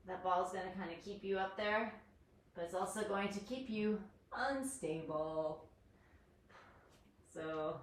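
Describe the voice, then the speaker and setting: Her voice medium in pitch and a bit bright, a woman fitness instructor walks viewers through a home workout, counting down each set and cheering them on with upbeat encouragement. It's recorded in an echoey room on a distant mic, with faint noise.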